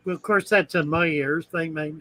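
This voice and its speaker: A man's voice: fairly high pitch, fairly even intonation, moderate pace, a bit bright, dry recording, poor audio. A man hosting a casual aquarium live stream, rambling and thinking aloud, with a chuckle now and then. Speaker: aquarium channel host.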